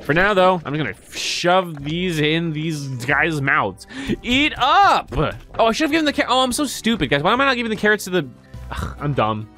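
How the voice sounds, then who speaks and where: An excitable young man narrating his gameplay, his fairly high voice leaping up and down as he swears and squeals with delight. Soft music plays underneath. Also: fairly quick. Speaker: gaming streamer.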